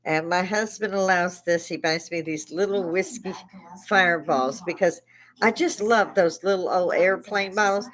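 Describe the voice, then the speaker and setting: A woman's voice: on the low side, normal speed, rough recording. Salty older woman spinning laughing stories. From Chicago. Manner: salty, laughs often, swears freely. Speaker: live-stream host. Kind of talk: casual storytelling chat.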